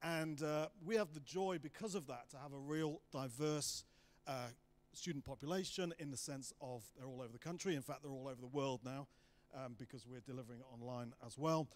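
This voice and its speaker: A man giving a guest sermon in a church hall, chatty and joking with asides. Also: on the high side. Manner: jokey and chatty, self-deprecating asides. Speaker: guest preacher.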